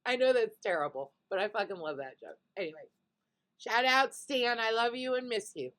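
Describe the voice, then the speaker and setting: A woman's voice: fairly high pitch, animated, normal speed, fairly bright tone. Chatty, foul-mouthed woman recapping TV. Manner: candid, chatty, swears freely. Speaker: reality TV recap host. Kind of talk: casual chat.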